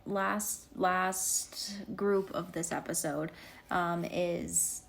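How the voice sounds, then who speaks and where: A woman's voice: fairly low pitch, fairly even intonation, drawn-out words, creaky, slight background noise. A woman co-hosting a podcast, recapping at length in casual chat with many fillers. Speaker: podcast co-host.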